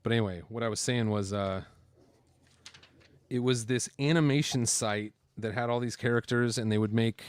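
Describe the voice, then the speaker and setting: A man's voice: medium pitch, fairly even intonation, normal speed, clear, resonant tone. Chatty man building LEGO on camera. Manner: chatty, rambling, with many fillers. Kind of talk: casual building chat.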